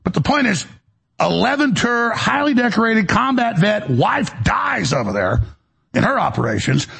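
A man hosting a talk show, delivering a heated political commentary monologue in a ranting style with stammering restarts and a raspy, gravelly voice. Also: sits high, very animated, moderate pace, a bit bright.

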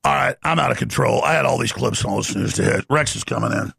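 A man hosting a talk show, delivering an excitable rapid-fire ranting monologue with frequent shouting. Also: mid-range voice, vocal fry, breathy edge, dry recording, clean studio sound.

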